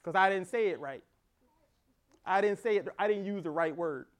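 A middle-aged man, a pastor, preaching an animated sermon with laughter and acted-out dialogue. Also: high voice, normal speed.

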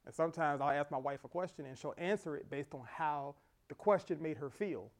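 A middle-aged man, a pastor, preaching an animated sermon with laughter and acted-out dialogue. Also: on the high side, fairly quick.

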